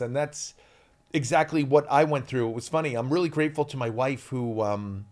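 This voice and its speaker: A man in his fifties from the US East Coast, a guest actor chatting on a podcast and telling stories in an animated, rambling way. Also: mid-range voice, a little fast. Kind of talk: casual podcast chat.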